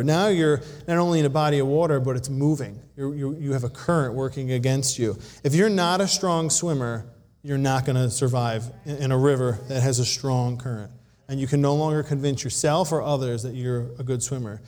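A man preaching a sermon, telling a personal story in an animated way and acting out voices. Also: mid-range voice, brisk. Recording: long hall reverb.

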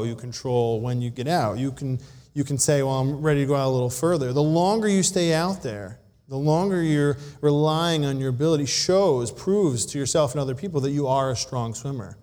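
A man preaching a sermon, telling a personal story in an animated way and acting out voices. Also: mid-range voice, normal speed. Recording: long hall reverb.

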